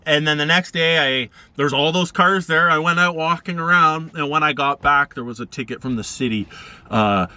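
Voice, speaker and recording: Laid-back male vlogger rambling through anecdotes, bright tone. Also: moderate pace, clean tone, dry recording. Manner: rambling, laid-back, acts out quoted people in higher voices. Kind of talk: casual storytelling.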